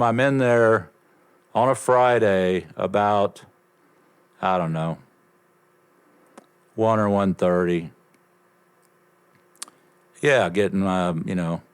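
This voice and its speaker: An older man telling a lively story as a podcast guest, swearing freely and acting out bits of conversation. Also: deep voice, slow pace, pauses often, clean tone. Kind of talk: casual storytelling.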